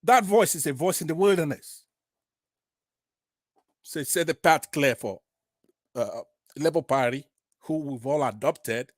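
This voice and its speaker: A Nigerian man calling into a talk broadcast, speaking with rising passion, starting quietly with hesitations and then breaking into loud, indignant bursts. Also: fairly high pitch, unhurried, long pauses, dry recording. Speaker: caller on a live online talk broadcast. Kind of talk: impassioned political call-in speech.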